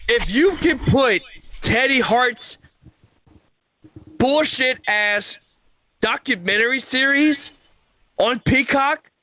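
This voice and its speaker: A man co-hosting a podcast, chatting casually about wrestling in an emphatic, animated way and swearing freely. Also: very high voice, takes it slowly, long pauses, no room sound. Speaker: podcast co-host.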